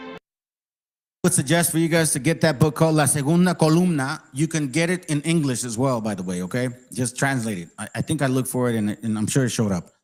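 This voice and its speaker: A man's voice: medium pitch, brisk, faint music behind. A man hosting his channel, giving a heated, profane and sarcastic ranting commentary. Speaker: channel host.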